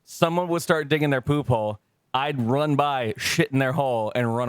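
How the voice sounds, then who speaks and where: A man co-hosting a podcast, swapping jokes and laughing through his stories. He sits in the middle range of pitch and sometimes jumps into silly high voices for the people he quotes. The room sound is dry, with no echo at all. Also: normal speed, clean tone. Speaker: podcast co-host. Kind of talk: casual podcast banter.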